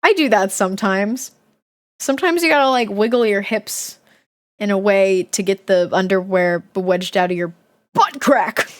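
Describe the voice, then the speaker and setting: A woman's voice: medium pitch, normal speed. A woman streamer reading a children's book aloud to her live chat, often breaking off to giggle and make chatty asides.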